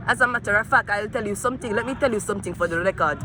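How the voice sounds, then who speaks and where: A woman with a Jamaican accent doing a profane tarot reading vlog outdoors, swinging between angry rants and low muttering. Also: lively intonation, fast talker, few pauses, noisy background. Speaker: tarot reader.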